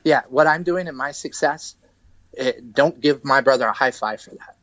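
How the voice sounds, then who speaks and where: A man speaking candidly on a podcast, his voice in a middle register and his words halting and full of restarts as he works through a painful story. The sound is dry and a little muffled. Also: medium pitch, fairly bright tone, dry recording. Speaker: guest, musician. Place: podcast studio.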